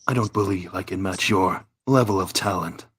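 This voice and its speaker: A man's voice: low-pitched, moderate pace, fairly bright tone, breathy edge. A man voicing a brooding, stoic male cartoon hedgehog antihero who talks formally and stiffly in a fan role-play Q&A.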